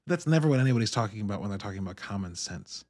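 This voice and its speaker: A man in his thirties hosting a podcast, talking in a candid, profane, animated monologue. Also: on the low side, racing. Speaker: podcast host. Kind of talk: casual monologue.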